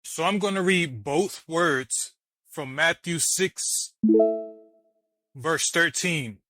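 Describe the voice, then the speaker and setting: Over loud music on a low-quality recording, a man with a fairly high voice speaks slowly. Hosting a reaction video about a debate clip, he argues and mocks while explaining things letter by letter.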